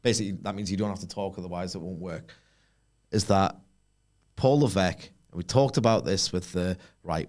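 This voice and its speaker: A man co-hosting a wrestling podcast, opinionated and quick with sarcastic asides. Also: fairly low pitch. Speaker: podcast co-host. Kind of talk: casual podcast chat.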